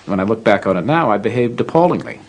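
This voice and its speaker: A man's voice: on the low side, expressive, quick pace. A man interviewed as a former guard, speaking candidly and ruefully.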